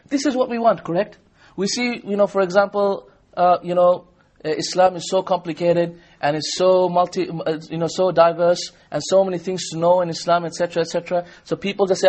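A man giving an Islamic sermon, animated, acting out little dialogues in his story. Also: high-pitched, a little fast. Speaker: Islamic preacher.

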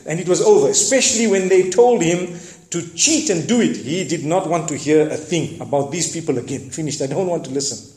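A man preaching, retelling a story dramatically with lively asides and moral lessons. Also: a little high, a little fast, roomy sound. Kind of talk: sermon storytelling.

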